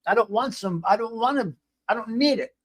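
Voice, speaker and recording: A man's voice: extremely high pitch, lively intonation, fairly quick. A man hosting a casual live stream, talking in a blunt, rambling way with frequent restarts. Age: 50s. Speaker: host.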